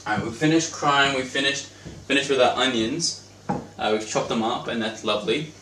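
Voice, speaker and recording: At a moderate pace and in a mid-range voice, the young man keeps up his casual cooking vlog, joking, rambling and talking to his pet bird. The kitchen recording has roomy echo, faint noise and a distant mic.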